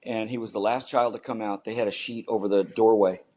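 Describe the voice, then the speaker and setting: A man's voice: on the low side, steady tone, fairly quick, warm tone. A man in his seventies, a podcast guest, earnestly telling a personal story and repeating key phrases for emphasis.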